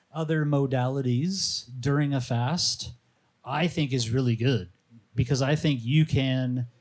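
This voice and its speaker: A man speaking as a fasting coach on a live panel, telling stories in a casual, animated way and acting out the voices of people he quotes. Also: medium pitch. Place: outdoor or open venue at a live panel.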